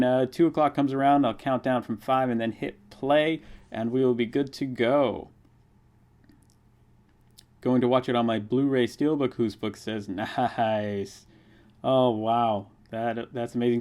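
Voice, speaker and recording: Young male streamer, eager fan energy, reads chat aloud, ordinary mid-range voice. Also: medium pitch. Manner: reads viewer comments aloud, excitable fan. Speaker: livestream host. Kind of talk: casual live watch-along chat.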